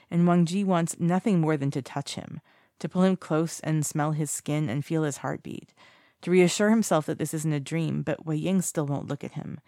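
Gravelly, measured fiction reader. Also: mid-range voice, darkish tone, dry recording, clean studio sound. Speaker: narrator. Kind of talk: audiobook narration of fiction.

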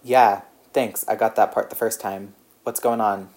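Man voicing a stern wary man, rasping and low, mellow dark tone. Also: steady tone, a little slow.

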